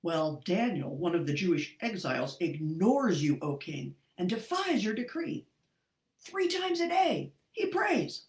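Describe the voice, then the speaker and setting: Scheming, flattering male court advisers, smug and insistent, voiced by a woman teacher in a reading. Echoey room. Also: on the low side, a little slow.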